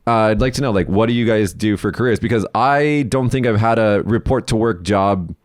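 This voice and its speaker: Fast-talking man on a podcast. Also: fairly low pitch, no room sound. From United States. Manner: animated, profane storytelling. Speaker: podcast co-host. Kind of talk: casual podcast chat.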